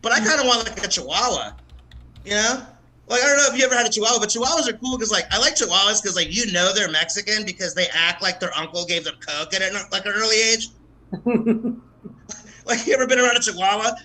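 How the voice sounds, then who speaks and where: A man from the American South works through a stand-up set at an open mic, casual and profane, often laughing at his own lines. His voice sits high and sounds sharply bright. A faint hiss runs under the recording. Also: expressive, fast talker, poor audio. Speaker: stand-up comedian.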